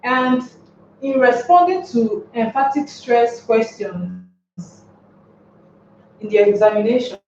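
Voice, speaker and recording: A woman's voice: a little high, slow, long pauses, darkish tone, slight background noise. A woman teaching an English lesson, posing rhetorical questions to her class and then answering them herself. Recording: echoey room, distant mic, dull sound.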